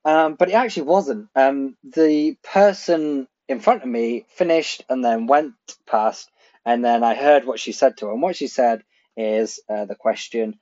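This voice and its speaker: A man's voice: mid-range voice, animated, unhurried, a little mellow. A man hosting a marketing show, telling a story casually with lots of fillers and frequent laughter. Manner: chatty, laughs often, many fillers. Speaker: marketing podcast host. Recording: slightly dull lo-fi audio.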